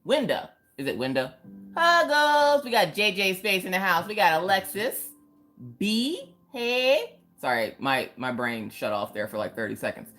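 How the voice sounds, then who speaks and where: Animated woman hosting a livestream. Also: mid-range voice, a little slow, soft background music. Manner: animated, greets viewers by name with playful exclamations; joking, chatty asides. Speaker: livestream host. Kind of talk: casual livestream chat.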